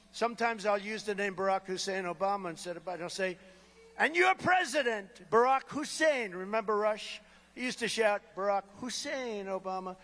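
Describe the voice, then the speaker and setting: High-voiced man giving a rambling rally speech. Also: fairly bright tone. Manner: rambling, boastful, with sarcastic asides and repeated phrases. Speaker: political speaker at a rally. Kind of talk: campaign rally speech, riffing off-script. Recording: long reverb of a large venue.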